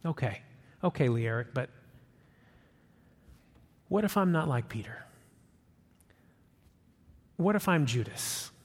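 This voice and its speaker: A man preaching a sermon as pastor, emphatic, rising on his questions and dropping low and soft for quotes. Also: lively intonation, slow pace, pauses often, breathy edge, long reverb tail.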